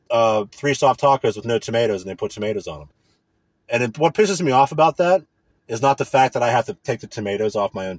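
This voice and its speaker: A man's voice: mid-range voice, dry recording. A man in a casual, profane, indignant rant. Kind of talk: casual ranting monologue.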